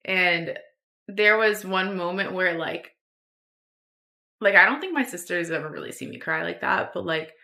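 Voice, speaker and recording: Rambling young woman, bright voice. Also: fairly low pitch, normal speed, creaky, long pauses. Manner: rambling, filler-heavy, lots of "like". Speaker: podcast host. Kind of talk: personal storytelling.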